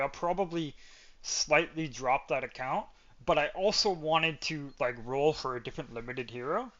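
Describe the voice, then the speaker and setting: A man's voice: medium pitch, sharp tone, dull audio. A man hosting a podcast in casual chat, rambling and often ending his points with "right?". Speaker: podcast host.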